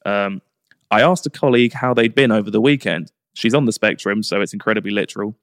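A man's voice: fairly low pitch, fast, a bit bright, no echo, studio quality. A young man, a podcast guest, chatting in an easygoing casual way. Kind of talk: casual chat.

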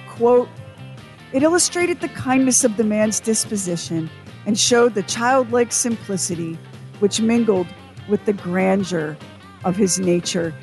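A woman's voice: fairly high pitch, a little mellow. A woman co-hosting a radio show, telling an anecdote in casual banter. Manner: storytelling, reads sponsor copy.

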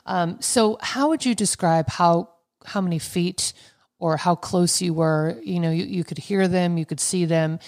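A woman's voice: on the low side, a little slow, darkish tone, dry recording, studio quality. A woman hosting a podcast, asking long, rambling, multi-part questions in an interview.

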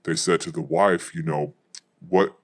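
Male pastor, low register, brisk storytelling testimony. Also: fairly even intonation. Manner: fast narrative storytelling.

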